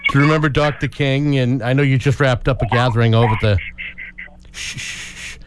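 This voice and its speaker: A man hosting a radio talk show, interviewing a guest in a relaxed way with some fillers. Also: medium pitch, fast talker, heavy background noise.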